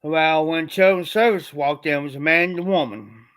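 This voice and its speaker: An Ohio livestreamer with a slightly high, bit-bright voice talks at normal speed through a rambling personal story. He keeps it loose and colloquial and repeats himself.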